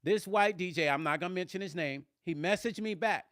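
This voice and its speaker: Emphatic man with a bright voice. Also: sits high, fairly quick, no room sound, studio quality. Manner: emphatic, blunt, swears when riled. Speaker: musician and vlogger. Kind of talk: live-stream chat, answering viewer comments.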